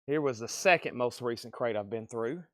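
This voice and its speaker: A man running a livestreamed record sale, calling out bids and prices in brisk auctioneer-style bursts. His voice is mid-pitched and the sound is dry and close, though he drifts away from the mic as he moves around the shop. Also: no echo. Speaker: live sale host. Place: record store.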